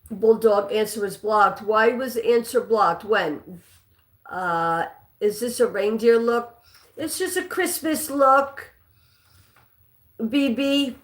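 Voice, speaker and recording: A woman hosting a live trivia stream, chatting casually and reading out viewer names and answers, with a non-native English accent. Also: on the high side. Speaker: livestream trivia host. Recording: echoey room.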